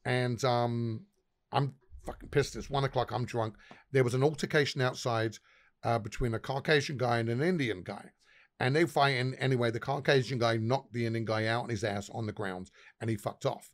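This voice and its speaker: Speaking at a moderate pace with a medium-pitched voice, the pub owner and guest keeps telling crude, laugh-filled anecdotes. The talk is a casual chat built around his stories.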